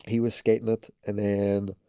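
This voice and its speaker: A man's voice: on the low side, level tone, normal speed, dark tone, smooth, no echo, clean studio sound. A young man with a Northern Irish accent, a podcast guest telling rambling stories full of fillers and swearing. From Northern Ireland. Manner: rambling storytelling full of "like" and swearing, acting out quotes. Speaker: podcast guest, pro skateboarder. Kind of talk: casual chat.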